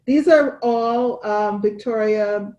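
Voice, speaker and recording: Woman co-host, unhurried, rambling friendly stitch talk. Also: a little high, dark tone, lo-fi sound. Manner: chatty, wandering, with restarts and laughs. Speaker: cross-stitch podcast co-host. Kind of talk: casual chat showing stitching.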